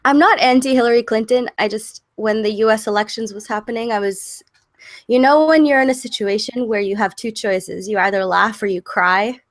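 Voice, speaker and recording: A Canadian woman born in southern England, a guest on a video call, speaking in a measured, hesitant way while losing her voice. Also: fairly high pitch, dry recording, clean studio sound. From southern England, raised in Canada. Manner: measured, hesitant with many ums. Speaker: guest content creator. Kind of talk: casual online chat.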